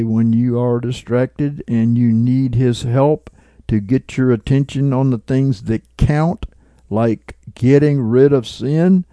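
A man's voice: mid-range voice, fairly even intonation, slow pace, mellow, no room sound, studio quality. A man preaching informally as he retells a dream and explains it, checking in with listeners and chuckling at his own remarks. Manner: conversational, checks in with listeners with "right?" and "okay?".

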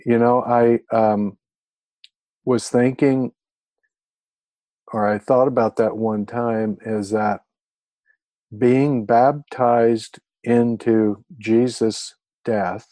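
A man leading a Bible study in a room with a group, teaching in a thoughtful, halting way. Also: fairly low pitch, fairly even intonation, warm tone, no room sound.

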